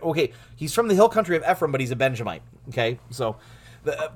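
A man teaching through a Bible passage in a lively way, laughing often and restarting his words. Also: fairly high pitch, fast.

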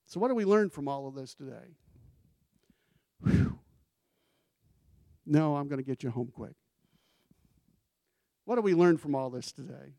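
A man preaching a sermon with a somewhat high voice. He talks in a conversational way, turns questions to the congregation, and leans into scripture quotes. The sound is dry and close. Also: creaky, dark tone, dry recording. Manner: acts out scripture quotes with emphasis. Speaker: pastor.

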